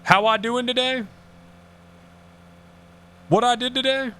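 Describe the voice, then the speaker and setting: A man streaming a roleplay game in character, ranting excitably and swearing a lot. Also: extremely high pitch, slow, a little hiss or hum. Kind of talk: casual in-character roleplay chat.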